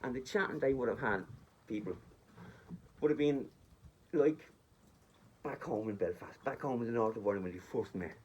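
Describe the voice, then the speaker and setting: A man's voice: mid-range voice, moderate pace, pauses often, lo-fi sound, a little hiss or hum. A man telling a story in a chatty, rambling way, speaking directly to his listeners on a phone recording. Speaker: vlogger. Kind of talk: casual storytelling.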